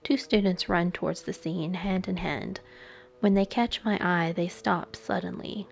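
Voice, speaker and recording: A woman reads a visual novel aloud at an unhurried pace, her voice carrying a gravelly fry. She lingers emotively over each line, often dropping into soft, breathy asides. Faint music plays behind her. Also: on the low side, fairly even intonation. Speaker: streamer.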